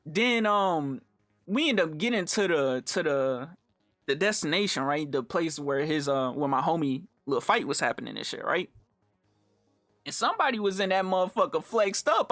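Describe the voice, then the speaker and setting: A young adult man narrates a rambling storytime over gameplay for his YouTube channel, full of profane slang, performing quoted lines with pitch swings. His delivery is sing-song and fairly bright at a moderate pace, recorded as clean studio sound with no room sound and soft background music.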